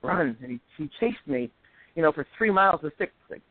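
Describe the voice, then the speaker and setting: A man in his forties talks quickly and with energy, pitched a little high for a man. He tells stories as a guest and acts out the voices of the people in them. His voice comes down a tinny phone line with a dry, close sound. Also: a little hiss or hum. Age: 40s. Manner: animated storyteller, acts out quoted voices. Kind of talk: casual chat.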